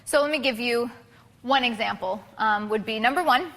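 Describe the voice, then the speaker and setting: Woman, photography instructor, bright forceful voice, casual filler-heavy delivery, long hall reverb. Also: fairly high pitch, moderate pace. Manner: casual, chatty, many fillers and restarts. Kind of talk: live workshop talk.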